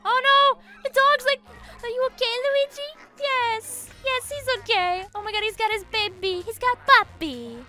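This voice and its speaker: A young woman streaming a video game, chatting excitably, giggling and shrieking at the screen. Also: very high-pitched, a little slow, hardly any pauses. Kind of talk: gameplay commentary.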